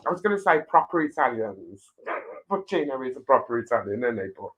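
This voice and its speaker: A woman's voice: very deep voice, big pitch swings, fairly quick, lo-fi sound. A woman hosting a casual live chat show, reading viewer comments and trading giggly, teasing banter. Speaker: host.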